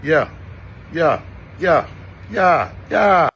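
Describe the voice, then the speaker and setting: A man's voice: on the high side, expressive, drawn-out words, gravelly, a bit bright, a little hiss or hum. A man ranting on a social media clip, mocking and trash-talking rival fans.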